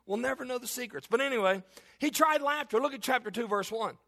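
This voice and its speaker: A man's voice: very high-pitched, fast, bright, forceful tone. A middle-aged male pastor preaching a sermon, telling a story and laughing at himself.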